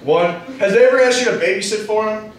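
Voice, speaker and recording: A man's voice: high voice, quick pace. A young man doing a crude, rambling stand-up set on a small club stage, often interrupting himself. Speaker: stand-up comedian. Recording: echoey club room, distant mic.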